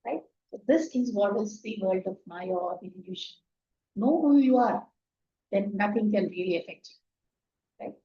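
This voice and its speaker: In the role of a meditation teacher, a woman unhurriedly recounts a spiritual story and keeps checking in with "right?". Her medium-pitched voice is warm with lively intonation, while the lo-fi, dull recording is distant and echoey and has slight background noise.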